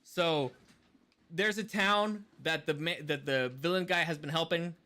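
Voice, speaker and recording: High-voiced man ranting, bright. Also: measured pace. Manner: animated ranting, swears a lot. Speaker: podcast co-host. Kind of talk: casual chat.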